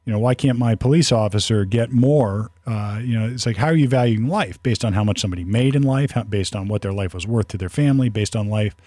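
A man's voice: fairly low pitch, fairly quick, few pauses, warm tone, no echo. A man chatting casually as a podcast co-host, rambling with many restarts and fillers. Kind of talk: casual conversational talk.

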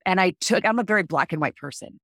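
A woman in her forties, a podcast guest, telling frank personal stories in an expressive way. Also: on the low side, fast talker, dry recording, clean studio sound. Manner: expressive, frank, acts out quoted voices. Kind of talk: candid podcast storytelling.

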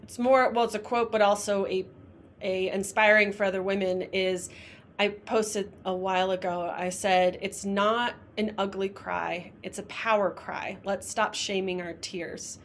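Woman guest, upbeat and emotional, mid pitch, faint hiss behind her. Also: steady tone, measured pace. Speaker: podcast guest, coach. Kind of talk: casual interview chat.

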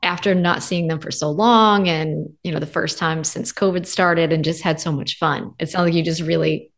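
A woman hosts a podcast and asks her guest questions in a lowish voice. She sounds encouraging and talks in a relaxed way. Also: normal speed. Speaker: podcast host. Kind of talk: interviewing.

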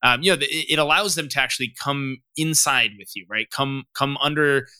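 A man's voice: mid-range voice, brisk, sharp tone, clean tone, no room sound. A young adult man, a startup founder, talking openly on a podcast and padding his sentences with "you know.". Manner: rambling, frequent "you know" fillers; open, candid. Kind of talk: casual podcast interview.

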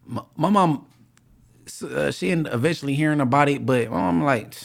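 A man's voice: on the high side, moderate pace, vocal fry. A man co-hosting a podcast, chatting casually and jokingly with lots of filler phrases. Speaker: podcast co-host. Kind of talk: casual chat.

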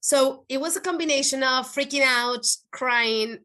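A woman guest in an interview, telling an emotional personal story in an earnest, animated way, with frequent restarts. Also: high voice, measured pace. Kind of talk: conversational podcast interview.

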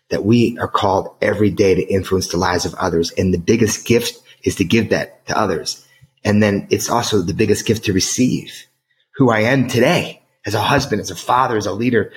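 A middle-aged man from the United States telling a personal story as an interview guest, emotional, earnest and emphatic. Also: on the low side. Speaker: guest author.

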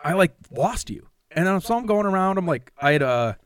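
A man telling a story in a casual, profane chat, acting out quotes with lively energy. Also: sits high, fairly quick, clear, resonant tone, no room sound, clean studio sound.

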